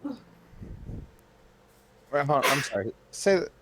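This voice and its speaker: A man's voice: fairly high pitch, big pitch swings, extremely slow, fairly bright tone, a little hiss or hum. Guy playing a tabletop game, stumbles over words, casual. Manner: stammering, restarts. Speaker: player. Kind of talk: casual tabletop role-play.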